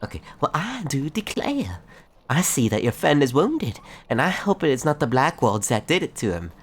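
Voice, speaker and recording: A man's voice: fairly high pitch, sing-song, moderate pace, slightly rough, voice pushed up. A man voicing a prim, genteel townswoman with a Southern belle accent. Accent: American Southern.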